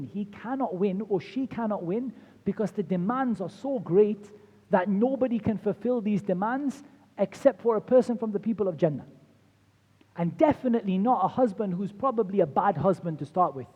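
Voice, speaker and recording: A man's voice: sits high, animated, fast talker, slightly rough, in a large hall, muffled recording. A man giving a conversational religious lecture on marriage, acting out quoted spouses as he goes. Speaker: Islamic lecturer.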